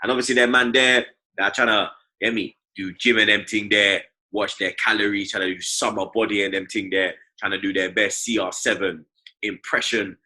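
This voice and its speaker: A young London man hosts a relaxed football podcast, his forceful, very bright voice sitting on the low side. He talks in loose slangy banter and keeps tagging his lines with "blood" and "you get me". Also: moderate pace, rough recording. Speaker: podcast host. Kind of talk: casual football podcast chat.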